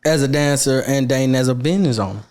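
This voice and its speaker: A man's voice: mid-range voice, quick pace, darkish tone. A man hosting a podcast, asking questions in a laid-back casual way. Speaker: podcast host. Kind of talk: casual chat.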